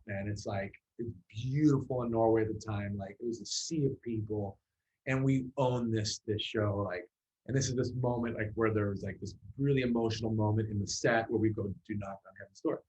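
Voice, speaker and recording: A man's voice: lowish voice, a little mellow, low-quality recording. A man, a musician guest in an interview, telling a story in a loose, casual way with many fillers and restarts.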